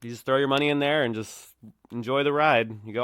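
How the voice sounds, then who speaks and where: A man's voice: mid-range voice, fast talker, a bit bright, smooth, dry recording, clean studio sound. Rambling, laughing man in his thirties. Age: 30s. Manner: rambling, laughs often, self-mocking. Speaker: podcast host. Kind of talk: casual solo podcast ramble. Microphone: headset or desk mic.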